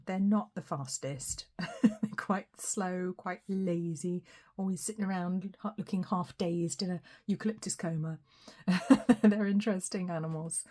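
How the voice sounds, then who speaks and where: A woman giving a casual tarot reading, her voice a little hoarse from a recent cold, chatty and often laughing. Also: medium pitch. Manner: chatty, laughs often, some soft whispery asides. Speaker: tarot reader.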